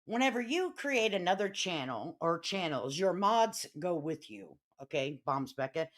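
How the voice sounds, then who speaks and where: A middle-aged woman with a Chicago accent hosts a casual live stream, talking brashly and profanely and getting riled up and loud. Her voice sits on the low side, very animated, at a measured pace.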